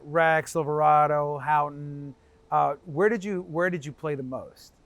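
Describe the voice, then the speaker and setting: A man's voice: a little high, steady tone, measured pace, fairly bright tone. A man interviewing a guest, asking casual questions and eagerly echoing her answers.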